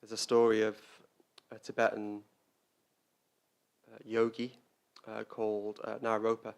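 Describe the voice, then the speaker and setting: A man's voice: fairly low pitch, completely flat delivery, unhurried, smooth. A man giving a Dharma talk as a Buddhist teacher, speaking reflectively and often repeating words as he searches for them.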